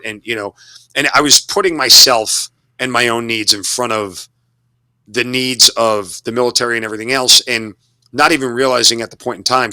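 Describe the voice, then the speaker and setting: This forties-aged army officer and broadcaster has a mid-range voice that sounds pushed and bright, captured dry on a studio mic. Recounting his experiences in an interview, he talks earnestly and at length, repeating words as he searches for what to say.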